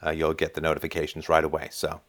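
A man's voice: extremely low pitch, monotone, fast talker. A man hosting a livestream, answering viewer chat in a casual monologue and explaining his views with rhetorical tag questions. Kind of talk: casual call-in style monologue. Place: home in Canada.

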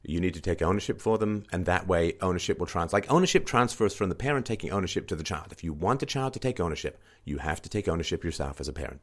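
Low-voiced man giving emphatic commentary. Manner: emphatic, repetitive, swings into mocking higher-pitched quoting. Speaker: commentator reading an article. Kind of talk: spoken commentary on a news article.

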